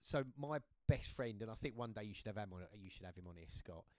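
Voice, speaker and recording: A British man in his fifties, chatting on a podcast as a guest, telling stories in a lively way and often checking in with the listener. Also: on the low side, fast talker. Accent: British English. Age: 50s. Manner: lively storyteller, checks in with "right?". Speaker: guest, host's father. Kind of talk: casual podcast chat.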